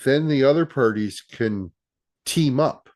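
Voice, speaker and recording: A man's voice: medium pitch, measured pace, darkish tone. A man who is a guest on a live stream explains things in casual talk, often repeating words and restarting his sentences. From Canada. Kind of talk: casual conversation.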